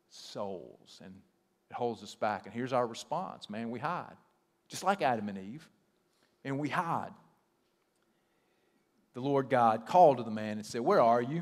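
A male pastor giving a conversational sermon, telling stories with a joking, animated manner in a church sanctuary. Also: mid-range voice, in a large hall. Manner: conversational, animated storytelling with self-deprecating humor.

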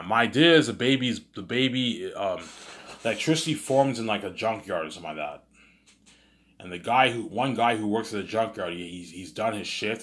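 Low male voice, casual rambling monologue, frequent restarts, loose and unscripted. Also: a bit bright. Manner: rambling, with many restarts and "you know what I'm saying"; casual, with swearing. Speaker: host.

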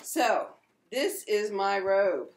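A woman's voice: mid-range voice, lively intonation, very slow. A middle-aged woman co-hosting a casual knitting video chat with her daughter in an apartment, talking with enthusiasm and laughing easily. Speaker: podcast co-host.

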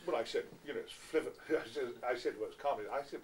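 Speaking quickly at a medium pitch, a man in his sixties, there as a guest actor, tells fans theatrical stories that poke fun at himself. It was captured from a distance on an amateur recording in a crowded little indoor room, with light hiss.

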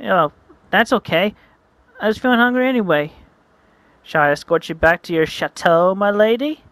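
A home narrator voicing a gentlemanly male creature sweetheart who speaks in courtly endearments. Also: medium pitch, lively intonation, moderate pace, dry recording, lightly acted. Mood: tender.

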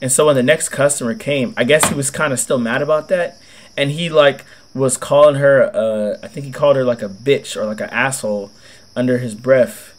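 A man's voice: mid-range voice, moderate pace, slight background noise. A young man with a cold, telling a rambling, slangy, swear-filled story in casual gameplay commentary. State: has a cold. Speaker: gaming video host.

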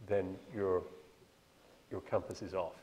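Low-voiced man with a plummy British accent. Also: level tone, highs cut off, slight background noise. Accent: British, Cambridge-educated. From Ireland. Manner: measured, hesitant, self-deprecating. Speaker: panelist. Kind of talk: panel discussion.

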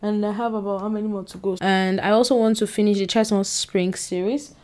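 A young woman, chatting casually to camera at home, rambling with excited bursts and quiet trailing asides. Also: medium pitch, brisk. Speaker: book vlogger. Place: indoors at home by a bookshelf. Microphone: on-camera mic.

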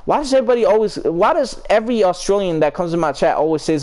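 Young guy streaming hoops game, high voice, swearing nonstop at teammates and chat. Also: quick pace, darkish tone. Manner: profane, heated trash talk; talks to teammates and chat between plays. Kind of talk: live gameplay commentary and chat talk.

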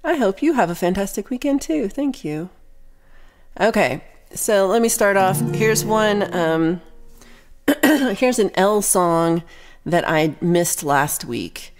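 A woman from Texas with a medium-pitched, animated voice hosts her weekly livestream song show over music. She chats casually and bubbly with viewers, tossing in quick asides and laughing often.

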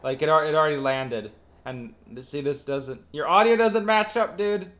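A man streaming a game, reacting live and rating each landing out loud with quick, excitable commentary. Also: on the high side, dull audio.

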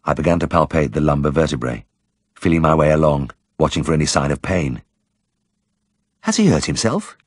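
A man narrating an audiobook in a measured, gently wry storytelling manner. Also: very deep voice, fairly even intonation, dry recording, studio quality. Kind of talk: scripted narration.

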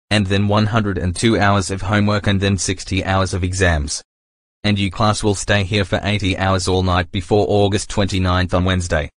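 A man's voice: deep voice, lightly acted. A man voicing a strict night-class teacher in a homemade cartoon, reading out the workload.

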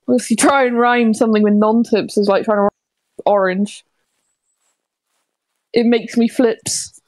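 A woman's voice: a little high, steady tone, unhurried, darkish tone, no room sound. A woman gaming streamer chatting casually with a guest, teasing and laughing often. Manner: giggly, teasing banter.

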